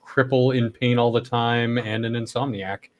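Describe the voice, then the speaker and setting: A man's voice: mid-range voice, flat delivery, normal speed. A man hosting a casual late-night stream, his throat worn and stuffed up from long talking. He rambles, coughs now and then and swears casually. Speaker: stream host.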